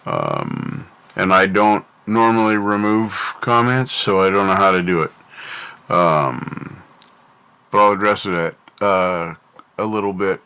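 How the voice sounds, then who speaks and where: Slow, rambling North American man. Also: deep voice, very animated, gravelly, pushed and bright, clean tone. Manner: rambling, thinks aloud, talks to chat. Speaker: livestream host. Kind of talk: casual livestream chat.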